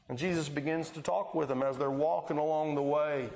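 A man with a high voice preaching a sermon, telling the old stories and slipping into the voices of their people. His voice rings out in an echoey room. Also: steady tone, a little fast, gravelly, few pauses, darkish tone. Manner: storytelling, acting out the Bible scenes in quoted voices.

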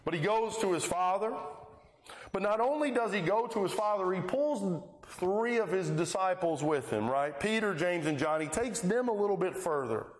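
A man with a high voice preaching a sermon, telling the old stories and slipping into the voices of their people. His voice rings out in an echoey room. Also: animated, moderate pace. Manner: storytelling, acting out the Bible scenes in quoted voices.

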